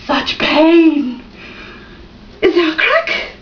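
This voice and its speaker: A woman voicing a thirsty, fretful old male crow with high, loud, frantic cries in a storytelling performance. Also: very animated, extremely slow, exaggerated voice. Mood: pained. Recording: roomy, distant, dull and noisy.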